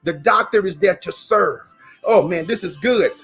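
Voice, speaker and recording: A man giving an emphatic motivational talk, repeating phrases and sometimes rising to a shout. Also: sits high, moderate pace, slightly rough, faint music behind. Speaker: motivational speaker.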